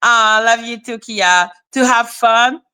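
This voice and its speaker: A woman's voice: a little high, slow, pushed and bright, clear, resonant tone. Blunt woman ranting on a livestream. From Canada. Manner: blunt, profane ranting, greeting chat viewers. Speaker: live-stream host. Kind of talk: live-stream commentary.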